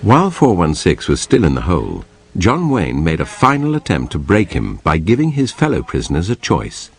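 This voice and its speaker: A man's voice: low-pitched, huge pitch swings, normal speed, slightly rough. A man giving scripted documentary narration.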